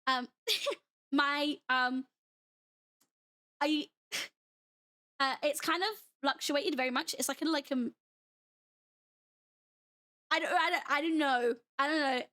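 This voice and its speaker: A woman's voice: high-pitched, takes it slowly, long pauses, bright, forceful tone. A young British woman with a mixed British, American and Australian accent, chatting casually and giggling often as a livestreamer talking to viewers. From Britain. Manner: giggly and bubbly, laughs often. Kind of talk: casual chat with stream viewers.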